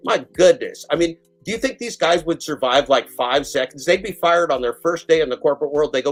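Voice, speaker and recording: A man's voice: mid-range voice, brisk, hardly any pauses, faint music behind, low-quality recording. A man hosting a live stream, ranting heatedly and swearing, mimicking the people he criticizes. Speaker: show host.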